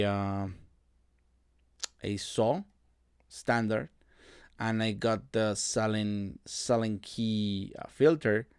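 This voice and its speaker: Relaxed low-voiced man explaining music production. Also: smooth, dry recording, clean studio sound. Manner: relaxed, halting, many fillers and restarts. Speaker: music producer tutorial host. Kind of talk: casual screen-recorded production walkthrough.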